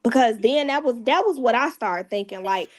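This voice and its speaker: A woman, a mother appearing as a guest, tells a painful personal story in a candid, casual way, often dropping her voice low. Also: lively intonation, moderate pace.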